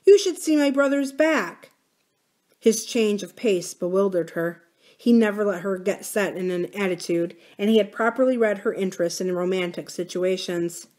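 A woman hosting a library reading series, reading a novel aloud in a steady, measured way. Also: fairly low pitch. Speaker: library book-reading host.

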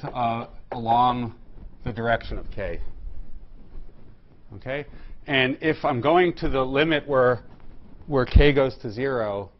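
A man lectures on physics in a lecture room, building each idea step by step with frequent fillers and restarts. His voice sits at a middle pitch. The recording is dull and lo-fi. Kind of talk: technical lecture at a whiteboard.

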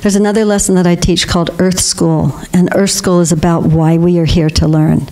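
Speaking at a normal speed in a fairly low, level voice, an older guest speaker addresses a congregation with a spiritual talk. She tells warm stories, often breaking into laughter.

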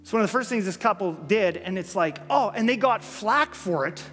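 A male pastor with a high, light voice preaches an earnest sermon, driving his points home through repetition. His words ring out with a long reverb through a church sanctuary. Faint music sits underneath. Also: expressive, fairly quick, fairly bright tone. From Canada. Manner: earnest, emphatic, repeats phrases for effect.

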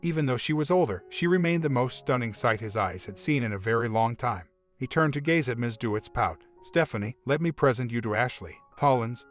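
A man reading a relationship story aloud, voicing every part in one steady voice. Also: mid-range voice. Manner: reads all parts in one even voice. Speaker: story narrator. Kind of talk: scripted narration of a relationship story. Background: faint music.

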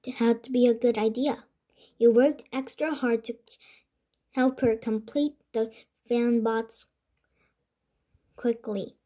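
Korean-speaking woman reading a kids' book, slow and stumbling, mellow dark tone. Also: a little high, steady tone. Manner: halting, with restarts and slips. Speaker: reader. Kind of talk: children's book read aloud.

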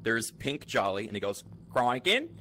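A man playing a multiplayer game with friends, animated and defensive as he tells what he saw. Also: mid-range voice, fairly quick, slight background noise. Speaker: game player. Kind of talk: excited multiplayer game chatter.

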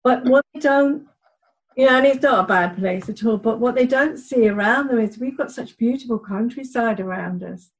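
A woman's voice: on the high side, normal speed, poor audio. A woman hosting a casual interview, agreeable and supportive as she chats with her guest. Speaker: podcast host.

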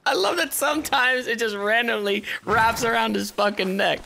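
A man giving casual let's-play commentary while playing a video game, excitable, swearing a lot and yelling at the game. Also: very high voice, normal speed, gravelly, slight background noise.

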